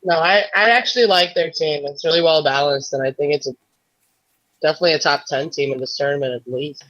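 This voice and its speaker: Guest guy on a podcast, upbeat, bit higher voice, dry sound. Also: quick pace, a bit bright, dry recording, dull audio. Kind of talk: casual chat.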